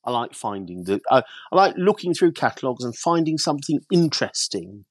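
A man from England, an antiques silver specialist, telling lively anecdotes as a podcast guest. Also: mid-range voice, a little fast, dry recording. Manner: lively storyteller, mimics voices in his anecdotes.

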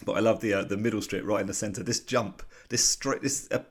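Very low-voiced chatty man. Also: steady tone, a little fast, breathy edge. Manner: chatty, giggly, many fillers. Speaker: podcast co-host. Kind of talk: casual comic-strip discussion podcast.

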